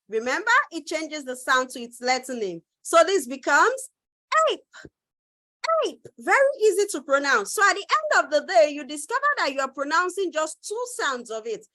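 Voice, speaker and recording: High, lively woman teaching phonics. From Nigeria. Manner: cheerful, coaxing, repeats words slowly for children to echo. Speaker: reading teacher. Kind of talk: online phonics lesson for children. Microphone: close mic in a virtual class.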